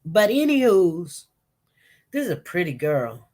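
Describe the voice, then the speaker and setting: A woman hosts a casual live commentary stream while fighting a cold, coughing between thoughts. She speaks in a lowish voice and takes her time. She keeps turning to her viewers and greeting people in the chat. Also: very animated, measured pace, darkish tone. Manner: chatty, talks straight to viewers and greets the chat. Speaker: livestream host.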